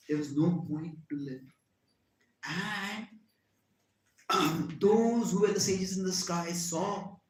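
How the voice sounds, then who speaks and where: A man with an Indian English accent, a spiritual teacher recounting an epic as a devotional lecture, dramatic and acting out the characters' cries. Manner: dramatic, acts out characters' cries with swings in pitch and loudness. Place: lecture hall. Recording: echoey hall, faint background noise.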